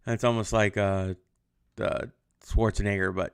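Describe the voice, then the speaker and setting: A man's voice: medium pitch, a little slow, bright, forceful tone, clean tone. A young adult male history teacher giving a casual livestreamed lesson, chatty with lots of ums, answering viewer comments. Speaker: high school history teacher.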